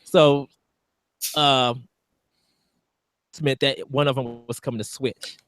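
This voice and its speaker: Mid-pitched male co-host, eager speculator, dry close sound, casual gaming chat. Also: steady tone, a bit bright, no room sound. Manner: eager, speculative, talks in quick loose bursts. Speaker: co-host of a live watch stream.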